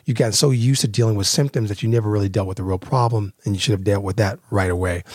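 A man's voice: medium pitch, a little mellow, dry recording, studio quality. Rambling man giving relationship advice. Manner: rambling, conversational, many fillers and restarts. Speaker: podcast host. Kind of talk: casual relationship advice talk.

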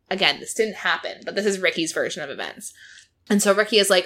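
A woman's voice: lowish voice, expressive, fairly quick, fairly bright tone. A woman in casual chat, animatedly retelling a reality show to a friend, quoting its people and laughing often. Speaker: podcast co-host recapping a reality show.

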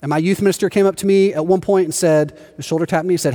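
A man preaching in a big church hall, his voice carried by a long reverb tail. He pitches a touch higher than most men and tells stories lively, acting out the people he quotes. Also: quick pace, few pauses. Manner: animated storytelling, acts out quoted voices. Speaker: pastor. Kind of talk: sermon.

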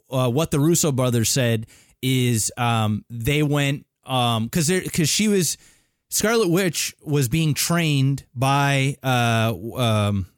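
A man with a medium-pitched voice co-hosts a gaming podcast, chatting casually. He rambles and halts, with many fillers and restarts, and swears casually. The studio sound is clean, with no echo.

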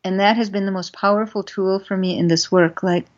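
A woman, a guest on a podcast, telling stories in an earnest, gentle way and getting animated as she goes, on a dull lo-fi recording. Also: mid-range voice, brisk. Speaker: guest, animal rights advocate. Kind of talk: conversational podcast storytelling. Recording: dull lo-fi sound.

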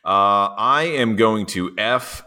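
Deep, bright-voiced male podcast co-host. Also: takes it slowly. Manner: playful, cheeky. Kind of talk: casual podcast banter.

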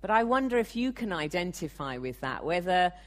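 A woman preaching a sermon, earnest and measured, sometimes acting out the people she quotes. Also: fairly low pitch, big pitch swings.

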